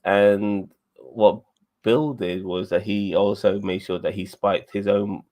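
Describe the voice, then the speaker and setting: Low-voiced guy co-hosting a live show review, gets emotional, lots of restarts. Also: fairly even intonation, a little mellow. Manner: emotional, halting with many restarts. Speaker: podcast co-host.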